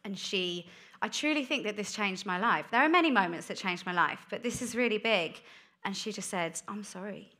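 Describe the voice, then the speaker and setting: A woman giving a candid sermon about her life, told as a chatty story with quick asides. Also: mid-range voice, lively intonation, sharp tone. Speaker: guest speaker. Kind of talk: testimony sermon.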